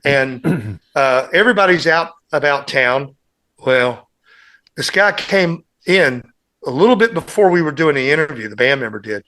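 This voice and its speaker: A man's voice: a little high, bright, forceful tone. A man on a casual podcast, telling long, rambling band anecdotes as a guest musician and acting out what others said.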